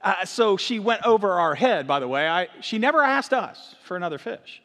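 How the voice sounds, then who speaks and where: A middle-aged man, the lead minister, giving a sermon that mixes Bible reading with lively family stories. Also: high-pitched, moderate pace. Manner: animated when telling stories, earnest in prayer. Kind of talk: sermon with storytelling. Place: church sanctuary. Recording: long hall reverb.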